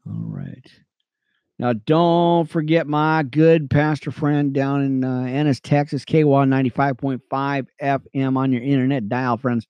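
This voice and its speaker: A man teaching the Bible on radio, reading verses aloud between excited, chatty asides to his listeners. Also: medium pitch, unhurried, smooth, no room sound, muffled recording. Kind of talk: reading scripture with commentary.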